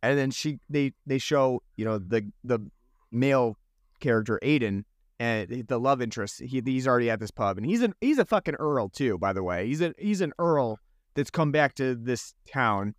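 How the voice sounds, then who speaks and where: A man's voice: medium pitch, animated, moderate pace, no echo, studio quality. A man co-hosting a podcast, chatting casually and sarcastically about a holiday movie, often restarting his phrases. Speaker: podcast co-host. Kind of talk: casual movie review chat.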